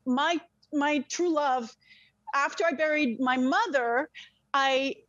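A woman's voice: high-pitched, slow pace, a bit bright, no echo, highs cut off. A woman telling an emotional personal story as a podcast guest. She speaks intensely and frankly, swears freely, and often restarts her words.

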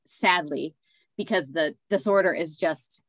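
A woman hosting a podcast interview, talking in a calm, measured and affirming way. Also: low voice, no room sound. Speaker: podcast host and author, autism parent. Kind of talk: interview conversation.

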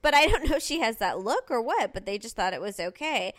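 A woman's voice: fairly high pitch, fast. A woman telling a story in casual chat, acting out what people said to her. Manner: animated storytelling, acting out quotes.

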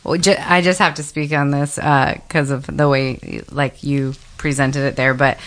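A woman from Florida tells a road-trip story in casual chat, full of fillers and asides. Her voice is deep and level yet fairly bright, at normal speed.

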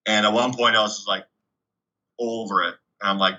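A young man from Canada, a guest telling stories in a casual, chatty way, full of 'like' and animated retellings. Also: fairly low pitch, brisk. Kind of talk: casual storytelling. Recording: dull lo-fi recording.

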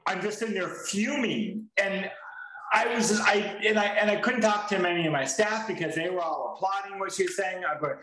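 A man's voice: high voice, a little fast, pushed and bright, a little hiss or hum. A man co-hosting a podcast, talking casually in a rambling way with lots of restarts and free swearing. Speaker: podcast co-host. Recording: roomy echo.

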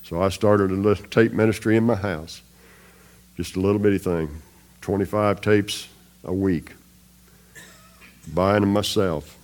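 A man preaches a testimony in a fairly low voice. His delivery is folksy and emphatic, and he repeats his points for effect. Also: steady tone, measured pace, long pauses, a little mellow. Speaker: chaplain. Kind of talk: testimony sermon.

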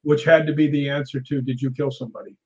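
A man, a guest ghost hunter, telling animated stories in a casual conversation. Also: fairly high pitch, quick pace, husky, lo-fi sound. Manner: animated anecdotal storyteller.

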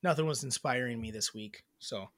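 A man co-hosts a podcast, chatting casually, joking, and rambling with lots of fillers and restarts. His mid-range voice moves at normal speed with a fairly bright tone, recorded dry in studio quality.

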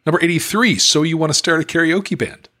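Chatty podcast co-host reading out stats. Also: male voice, on the high side, steady tone, fairly quick, pushed and bright. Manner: chatty, reads out stats, jokey. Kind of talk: casual chat.

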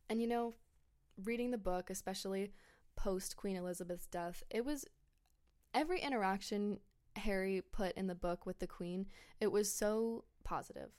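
A woman's voice: medium pitch, a little mellow. A woman hosting a podcast in casual chat, gossipy and incredulous, with many fillers and short laughs. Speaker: podcast host.

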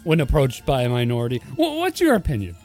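A man's voice: medium pitch, huge pitch swings, fast talker, a little mellow, soft background music. A young man co-hosting a podcast, teasing and mocking in crude casual banter. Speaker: podcast co-host.

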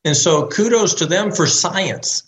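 Male doctor guest, fairly high voice, measured, listing points, faint noise behind. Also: animated, a bit bright, low-quality recording. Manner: measured, builds arguments in lists. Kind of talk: interview answers.

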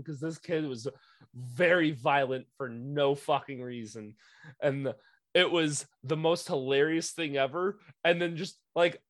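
A young man coaching youth hockey, telling a profane, animated story in casual podcast chat. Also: fairly high pitch, dry recording.

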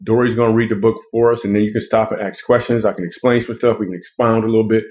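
A man's voice: lowish voice, steady tone, quick pace, darkish tone. A man hosting a casual comedic chat, playful and rambling as he jokes with his co-hosts. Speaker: podcast host and author.

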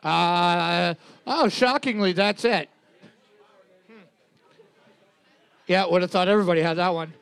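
Sarcastic guy co-hosting trivia, high gravelly voice that jumps around, dry sound. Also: a bit bright, dry recording. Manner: sarcastic and profane, quick to exaggerate. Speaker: trivia co-host and scorekeeper. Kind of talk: live pub trivia banter.

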